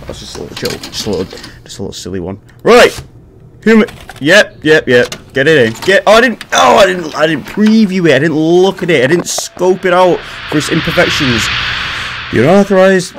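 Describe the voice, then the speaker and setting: A young man with a fairly high voice does casual, jokey let's-play commentary on a horror game, swearing and talking back to it. There is slight background noise in the recording.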